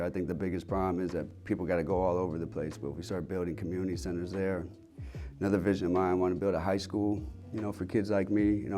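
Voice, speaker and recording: Rambling and candid, a health center owner in his thirties shares his own story, full of fillers and offhand curses. His voice sits low with a darkish tone.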